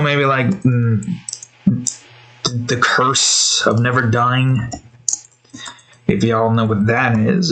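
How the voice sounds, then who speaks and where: A man's voice: medium pitch, fairly bright tone, rough recording. A man hosting a drawing video, telling loose, meandering stories in a casual, slangy way with lots of self-corrections. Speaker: digital artist and channel host. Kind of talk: casual rambling commentary while drawing.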